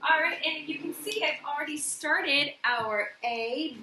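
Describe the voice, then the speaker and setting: The same kind of scene: a patient woman teacher at an elementary school runs a morning meeting for young children in a classroom, posing questions and handing out praise. She has a high voice and takes her time. She's far from the mic, the room echoes, and the recording is very noisy.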